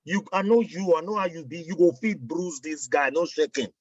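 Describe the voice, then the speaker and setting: A man's voice: fairly high pitch, normal speed, no echo. A man with a Nigerian accent in casual chat, telling stories and mixing in pidgin phrases. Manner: mixes in pidgin, animated storytelling. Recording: dry, muffled audio.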